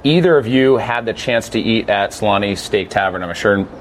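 A man's voice: fairly low pitch, fairly quick, slight background noise. A young man hosting a casual podcast, asking questions and joking with his guests. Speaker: podcast host.

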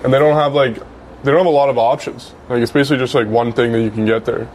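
A teenage man, a hockey player guest, chatty and quick to hedge with "like". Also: medium pitch, fairly even intonation, darkish tone, a little hiss or hum. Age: teens. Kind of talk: casual podcast chat.

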